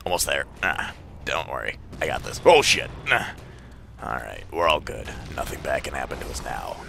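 A man voicing a gruff, cocky, crude armored super-soldier in a deep gravelly put-on voice, giving comedic gameplay commentary. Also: sing-song, moderate pace, pushed and bright, soft background music, exaggerated voice. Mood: panicked. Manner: brash, profane, yelps when startled. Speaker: let's play gamer.

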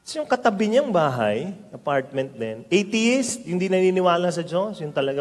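Filipino preacher in a big echoing hall. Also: male voice, high-pitched, quick pace, hardly any pauses. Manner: lively storytelling preacher mixing languages. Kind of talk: sermon. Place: large worship hall. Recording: long hall reverb.

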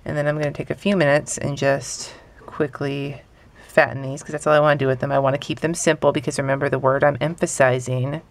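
A woman's voice: sits low, level tone, brisk, hardly any pauses. A young adult woman teaching hand lettering in a casual, offhand, self-deprecating way while she draws. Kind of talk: casual tutorial talk while drawing.

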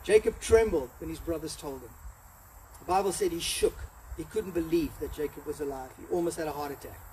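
A man preaching a sermon as pastor, animated, acting out the story with quoted voices. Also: on the high side, fairly quick, distant mic, a little hiss or hum, low-quality recording. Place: church hall.

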